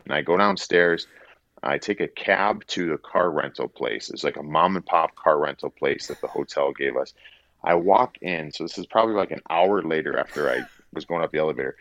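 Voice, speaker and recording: A man's voice: a bass voice, a bit bright, no room sound, lo-fi sound. A middle-aged man, a former player turned broadcaster, telling a rambling anecdote in an interview and acting out the quotes. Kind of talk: casual storytelling in an interview.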